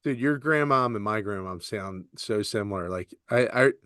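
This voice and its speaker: A man's voice: moderate pace, no room sound, studio quality. A young man co-hosting a podcast in casual chat, telling stories animatedly and acting out voices. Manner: animated storyteller, acts out voices with big pitch jumps. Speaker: podcast co-host.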